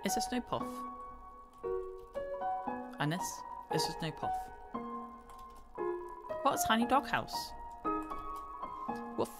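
A woman's voice: fairly high pitch, big pitch swings, takes it slowly, pauses often. A woman giving casual gameplay commentary in a let's play, reading game text aloud and gushing playfully, music playing behind her. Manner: gushing and playful, squeals over dogs.

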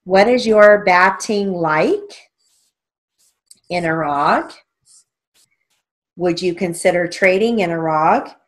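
A woman teaching steno theory, dictating sentences slowly and spelling out words letter by letter. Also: fairly low pitch. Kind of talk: dictation lesson with explanations.

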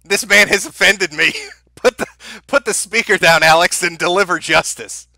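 A man's voice: sits high, moderate pace, creaky, sharp tone, dry recording. A man giving mocking commentary over a video clip, sarcastic and laughing at the footage. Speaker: online commentator.

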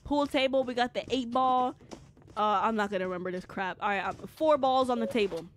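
Young woman streamer, highish voice, rambling jokey chat, faint noise. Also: a little fast. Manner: chatty, rambling, lots of filler words, jokey. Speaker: gaming streamer. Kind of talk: casual live gameplay chat.

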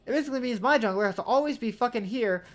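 A man giving live gameplay commentary on his match, ranting with a steady stream of profanity and exasperation. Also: very high voice, racing, slight background noise.

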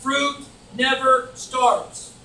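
A man preaching a fervent sermon as pastor, building to shouts and mocking voices. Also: extremely high pitch, steady tone, drawn-out words. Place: church. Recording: echoey church from far off, faint noise. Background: congregation calling back.

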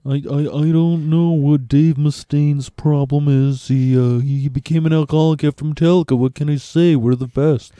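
A man putting on a cocky middle-aged rock drummer who brags and brushes off his rivals. The voice sits a little high and sounds warm and mellow in a dry, close setting. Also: fairly even intonation, normal speed, hardly any pauses, no room sound, close to an everyday voice. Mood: smug. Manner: boastful, dismissive. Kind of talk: casual podcast impression.

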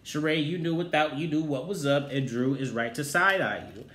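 A man giving a sassy, profane recap of a reality show, with loud exclaimed outbursts. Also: a little high, normal speed, slight background noise. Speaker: TV recap host. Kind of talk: casual review commentary. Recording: roomy echoey room.

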